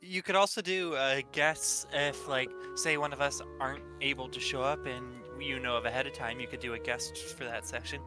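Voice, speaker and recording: A man's voice: mid-range voice, steady tone, normal speed, hardly any pauses. A man playing in a tabletop game, teasing the game master with jokes. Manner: joking, teasing. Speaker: player. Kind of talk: casual table talk. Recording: music bed playing behind voice.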